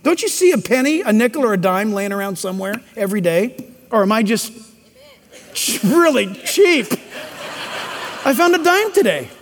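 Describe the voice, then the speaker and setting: High-voiced preacher man in a reverberant hall. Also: very animated, normal speed, pauses often. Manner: emphatic, joking asides, preachy. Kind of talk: sermon.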